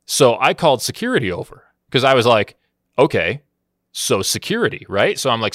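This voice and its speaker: A man's voice: mid-range voice, normal speed, no room sound, clean studio sound. A man in casual podcast chat about games, telling stories animatedly and acting out what people said. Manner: animated storyteller, acts out quoted lines. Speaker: podcast co-host.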